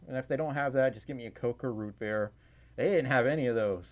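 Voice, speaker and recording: A man's voice: mid-range voice, quick pace, dull audio. A man casually reading and answering viewer chat on a livestream, giggling and rambling with lots of fillers. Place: indoors at home, in a fursuit.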